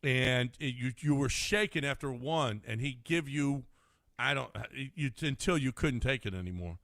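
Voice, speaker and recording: A man's voice: normal speed, a bit bright, no room sound. Man telling stories in a dry studio. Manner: storytelling, drops to a low mutter, sings a mock tune. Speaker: radio sports talk co-host. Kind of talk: casual studio banter. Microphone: studio microphone.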